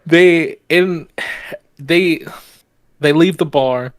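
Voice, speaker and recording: A man's voice: on the high side, very slow, no echo. A man co-hosting a casual movie podcast, talking in a profane, sarcastic way and acting out quotes from the film. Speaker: podcast co-host.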